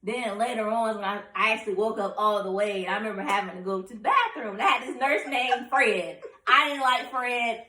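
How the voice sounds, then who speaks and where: A young woman telling a personal story in a casual, animated way, acting out voices and laughing as she goes. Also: on the high side, a little fast. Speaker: vlogger telling her story. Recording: echoey room, mic at a distance.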